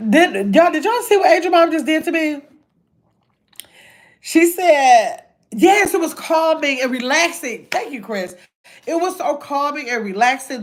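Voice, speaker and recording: An older woman, chatting casually on a livestream from a hotel room, reading viewer comments and calling them y'all. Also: high-pitched. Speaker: livestream host.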